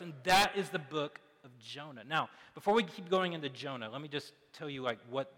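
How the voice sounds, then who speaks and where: A man in his thirties preaching a sermon in a loose, conversational way, full of fillers and quick asides. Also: a little high, bright, forceful tone. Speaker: pastor. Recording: long hall reverb.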